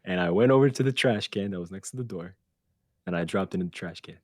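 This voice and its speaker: Speaking fast, a podcast host tells a casual story, animated and full of profanity, breaking into laughter along the way. His voice is somewhat low, and the sound is close and dry with no echo.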